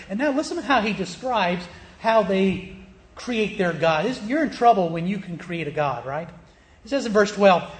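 A man with a notably high voice delivers a sermon as a pastor. He reads scripture aloud, leans hard on key words and keeps asking his listeners short questions. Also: expressive, normal speed, roomy sound. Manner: emphatic, stretches key words, checks in with rhetorical questions.

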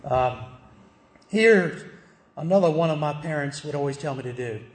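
A man's voice: a little high, animated, normal speed. Man preaching in an echoey church. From American South. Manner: conversational preaching with rhetorical questions. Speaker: pastor. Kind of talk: sermon.

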